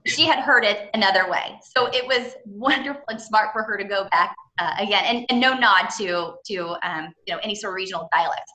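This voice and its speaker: A woman's voice: mid-range voice, fairly quick, hardly any pauses, pushed and bright, roomy sound, rough recording. A woman presenting a business etiquette seminar, chatty and engaging with frequent fillers.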